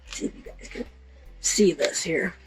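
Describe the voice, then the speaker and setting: A woman hosting a casual how-to video, hoarse from partly losing her voice, chatty and rambling with fillers and self-corrections. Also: normal speed, rough recording. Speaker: channel host.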